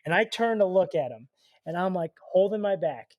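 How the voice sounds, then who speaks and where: A man in his twenties from Chicago, a guest telling stories in a casual, animated way, full of "like" and "dude". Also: high-pitched, a little fast, no echo, lo-fi sound. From Chicago, USA. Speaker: podcast guest, paintball player. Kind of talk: casual storytelling.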